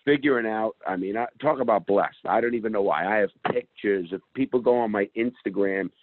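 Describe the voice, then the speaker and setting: A man's voice: lowish voice, fairly quick, dry recording. A middle-aged man guest telling a story in an interview in a blunt, streetwise way. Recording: phone-like call audio.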